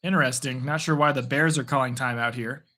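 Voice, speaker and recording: A man hosting live play-by-play and reaction, chatty and casual between quick bursts of calling the action. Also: mid-range voice, steady tone, pushed and bright. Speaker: host.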